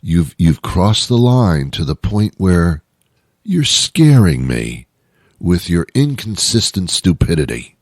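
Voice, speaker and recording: A deep-voiced man hosts his talk show, riffing sarcastically and rambling from one gripe to the next. The sound is dry and close, with no room around it. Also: sing-song, slow pace, darkish tone, no echo. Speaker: radio show host. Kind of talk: casual comic monologue.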